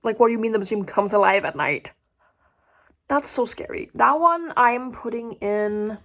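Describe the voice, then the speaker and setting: Young woman vlogger, casual and rambling, vocal fry, drops from loud outbursts to mumbles. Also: on the high side, lively intonation, moderate pace. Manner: rambling, filler-heavy, swearing; swings between loud outbursts and mumbled asides. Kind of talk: casual chat to camera.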